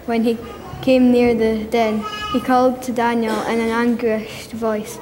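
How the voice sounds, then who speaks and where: A woman reading a Bible passage aloud in church, in a steady reading voice with a few slips. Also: on the high side, a little slow, few pauses. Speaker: scripture reader. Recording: echoey church with room noise.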